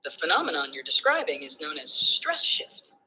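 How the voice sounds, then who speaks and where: A synthetic assistant voice explaining phonetics like a tutor, in calm, structured steps that end by checking understanding. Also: medium pitch, moderate pace, slight background noise, rough recording.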